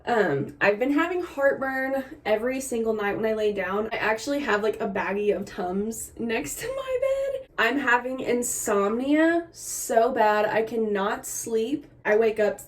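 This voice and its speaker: In a casual home vlog, a young woman gives a candid, chatty pregnancy update to her tripod-mounted camera. She laughs through her complaints and is a little short of breath, her voice on the high side and animated, unhurried, with hardly any pauses.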